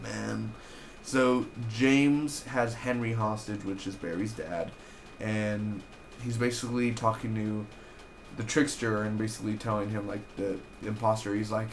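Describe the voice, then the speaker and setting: A young man casually recapping and reviewing a TV episode in an excitable, chatty way, peppering his talk with "basically" and "man.". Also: on the low side, a little slow, slight background noise. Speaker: TV show reviewer. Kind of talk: casual spoiler review vlog.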